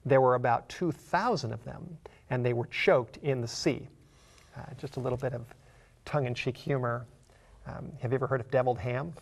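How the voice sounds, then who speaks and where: A man teaching a Bible study, who reads scripture slowly and asks the listener earnest questions. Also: mid-range voice, creaky. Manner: earnest, slows down to read scripture aloud.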